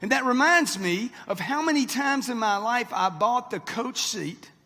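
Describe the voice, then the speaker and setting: Husky, high-pitched man in his sixties, brash motivational speaker working a live crowd, long reverb of a big hall. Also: animated, a little slow, pushed and bright. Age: 60s. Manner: brash, punchy, talks straight to the crowd. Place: large hall with live audience.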